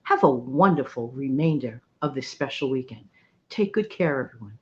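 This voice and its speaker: A woman's voice: rumbling low, animated, moderate pace, a little mellow, highs cut off. A middle-aged woman hosting a vlog, telling stories in a chatty, rambling way and laughing often. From New York City. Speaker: vlog host. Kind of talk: casual storytelling monologue.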